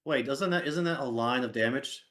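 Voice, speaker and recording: A man's voice: mid-range voice, normal speed, a bit bright. A man playing in a tabletop game, often questioning and second-guessing the rules. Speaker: player. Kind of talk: casual tabletop play.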